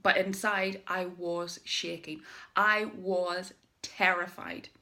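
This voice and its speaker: A middle-aged woman who runs a direct-sales business, telling a personal story to camera as motivation. She tells it in a lively, emphatic way, with dramatic pauses. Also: lowish voice.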